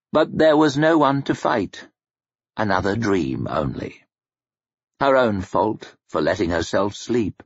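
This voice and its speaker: Slow, husky male audiobook narrator. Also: mid-range voice, no room sound. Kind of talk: scripted narration. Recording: dry muffled recording.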